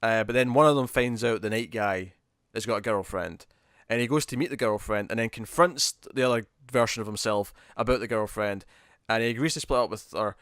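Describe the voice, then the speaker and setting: A man's voice: lowish voice, brisk, hardly any pauses, a bit bright, clear, resonant tone, dry recording, clean studio sound. Chatty man riffing on movie trailers. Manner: rambling, chatty, frequent restarts and laughs. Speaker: podcast co-host. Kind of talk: casual movie trailer chat.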